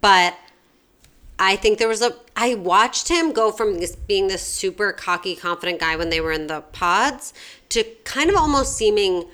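A woman's voice: medium pitch, moderate pace. A woman in casual podcast chat, talking animatedly and acting out quotes with lots of "like". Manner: animated, acts out quotes, frequent "like". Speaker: podcast co-host or guest.

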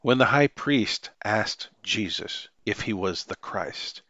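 A man hosting a podcast, giving a measured, scripted Bible teaching. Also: lowish voice, expressive, fairly bright tone, no echo, dull audio. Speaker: podcast host.

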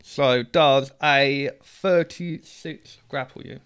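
A man's voice: medium pitch, slow, clean tone. A man running a tabletop game as game master, methodically calling out rolls and results. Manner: calls out dice numbers in a steady, methodical way.

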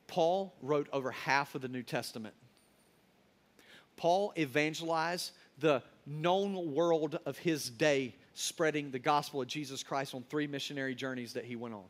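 High-voiced man preaching with slangy emphasis. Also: unhurried. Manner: colloquial, emphatic storytelling. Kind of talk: sermon.

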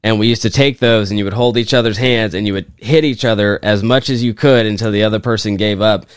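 A man's voice: on the low side, fairly even intonation, quick pace, smooth, dry recording, clean studio sound. A young man co-hosting a podcast, telling rambling stories in casual chat and swearing often. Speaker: podcast co-host.

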